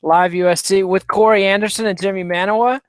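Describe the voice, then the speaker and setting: A man with a fairly high voice banters wryly and teasingly as a podcast co-host while leading the rundown. His voice sounds close and dry, with no room echo. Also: steady tone, quick pace, smooth. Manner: wry, teasing, runs the show's rundown. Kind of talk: casual comedic chat.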